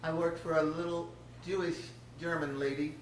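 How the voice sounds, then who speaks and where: A woman's voice: low-pitched, level tone, moderate pace, noisy background. An older woman telling a chatty, personal testimony to a church, laughing often. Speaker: church speaker giving a testimony. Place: church sanctuary. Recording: roomy, distant church sound.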